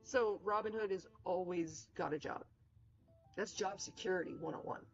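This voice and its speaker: A woman's voice: lowish voice, moderate pace. A young woman streaming a game, rambling and joking casually with lots of fillers. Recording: dull lo-fi with music.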